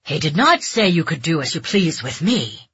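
A woman voicing a gruff male warrior cook who talks in a stern, commanding way. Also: low-pitched, sing-song, moderate pace, a bit bright, no room sound, full character voice. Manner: commanding, scolding. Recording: dull dry audiobook recording.

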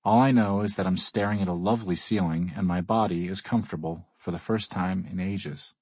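A man's voice: low-pitched, fairly quick, a little mellow, slightly rough, no echo. A man reading a first-person audiobook in a wry, dry way. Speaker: audiobook narrator. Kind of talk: scripted first-person narration.

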